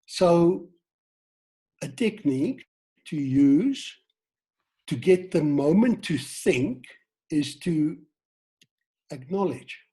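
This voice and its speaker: A South African man leads an online sales training session on a video call. His voice is mellow and a touch husky. He keeps things lively, acting out quoted lines and throwing questions at his listeners. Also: fairly high pitch, drawn-out words, pauses often. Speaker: team trainer.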